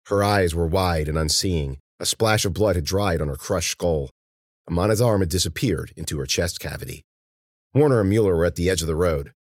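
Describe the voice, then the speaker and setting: A man's voice: low voice, brisk, no echo, studio quality. A man narrating an audiobook in a tense, dramatic way.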